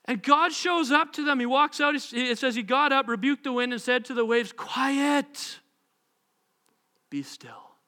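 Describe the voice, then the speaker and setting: Bright high-voiced male pastor preaching. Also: brisk, few pauses, clean tone. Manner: animated, acts out voices of people praying. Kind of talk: sermon.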